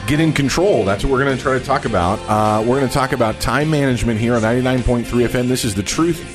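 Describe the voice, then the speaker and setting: A man's voice: medium pitch, fast talker, over music. A man with a Texas accent hosting a radio talk show, talking in an emphatic, conversational way into a studio microphone.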